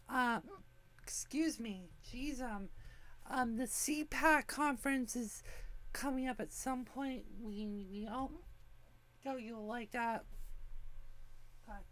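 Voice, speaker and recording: A woman in her forties hosts a relaxed talk show, her voice sitting a little high. She rambles along with plenty of ums and restarts, easygoing and unscripted. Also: a little slow. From United States. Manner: rambling, many fillers and restarts. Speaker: podcast host. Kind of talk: casual chat.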